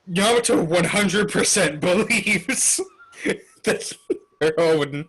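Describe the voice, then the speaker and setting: A man co-hosting a podcast, excitedly recapping a comic chapter in casual chat and laughing often. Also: high-pitched, takes it slowly, slightly rough, low-quality recording. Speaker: podcast co-host.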